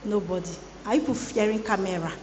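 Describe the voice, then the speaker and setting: A woman giving a lively motivational sermon to students, playfully teasing the audience. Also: mid-range voice, brisk, a little hiss or hum. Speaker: guest speaker at a student boot camp. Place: large hall. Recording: echoey large hall.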